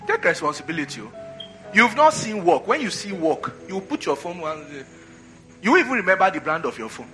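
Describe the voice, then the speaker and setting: A man preaches with a bright, forceful voice pitched a little high. He drives home his points by repeating phrases and calling for answers from the congregation. Soft music plays faintly behind him. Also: very animated, fairly quick. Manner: call-and-response preaching, repeats phrases for emphasis. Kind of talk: sermon.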